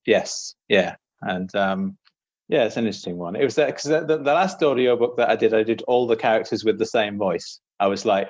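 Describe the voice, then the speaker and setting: A man's voice: lowish voice, fairly quick, no echo. A British man, a guest author, chatting casually on a podcast in a rambling, self-deprecating way and laughing often. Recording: slightly dull, lo-fi sound.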